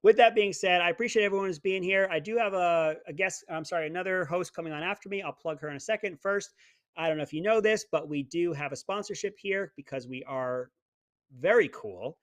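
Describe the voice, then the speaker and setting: Host, middle-aged man, sarcastic ribbing tone, a bit high-pitched, dry room. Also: fast, no room sound. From United States. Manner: sarcastic, joking, ribs listeners. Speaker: show host. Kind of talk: casual political commentary.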